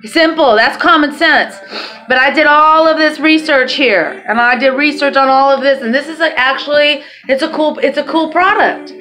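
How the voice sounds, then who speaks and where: Pushed and bright, her high voice moves at normal speed as she chats to the camera, rambling and cursing without restraint. Poor audio, with background music, captures this vlogger.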